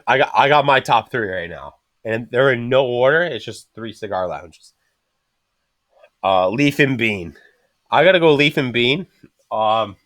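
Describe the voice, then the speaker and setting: A man with a mid-range voice tells bar stories in a loose, profane way, slipping into quick impressions of the people he met. The sound is close and dry, with no room around it. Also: mid-range voice, no room sound. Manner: swears constantly, animated storyteller acting out quotes. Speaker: podcast host. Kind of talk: casual chat.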